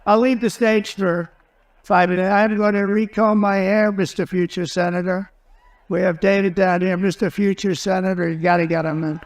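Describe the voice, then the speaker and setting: A political candidate delivers a loose rally speech in a raised, fairly high voice, keeping a moderate pace and fairly even intonation. He drifts from point to point and piles up repeated phrases, sounding combative and self-assured throughout.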